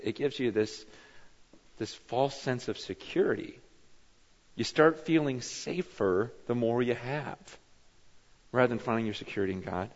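A man preaching a sermon, animated and acting out the people in the story as he speaks. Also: medium pitch. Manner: animated, acts out bible figures in his telling. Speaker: pastor. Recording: muffled echoey hall.

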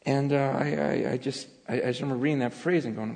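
A middle-aged man preaching a sermon as pastor, telling the story in an animated way that swings from loud to hushed. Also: mid-range voice, quick pace, slightly rough. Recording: long reverb of a large hall.

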